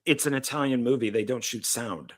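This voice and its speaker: A man's voice: mid-range voice, brisk, a bit bright. A man co-hosting a podcast, chiming in with brief dry remarks about movies. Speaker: podcast co-host. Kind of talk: casual movie review chat.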